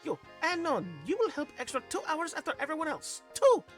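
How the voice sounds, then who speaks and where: A man's voice: extremely high pitch, very animated, brisk, fairly bright tone, faint music behind, voice pushed up, heavily acted. A man voicing a stern, bossy young woman in a video game, scolding and preachy.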